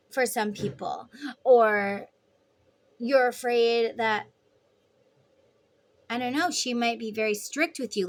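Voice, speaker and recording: Chatty woman giving a tarot reading. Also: a little high. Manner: chatty, rambling, acts out imagined lines. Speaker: tarot reader. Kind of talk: casual tarot reading monologue.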